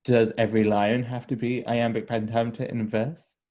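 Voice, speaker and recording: A man's voice: medium pitch, little pitch movement, moderate pace, mellow, dull audio. A man co-hosting a casual lesson on verse, asking questions and lightly teasing his partner. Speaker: co-host leading questions. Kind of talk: casual teaching chat.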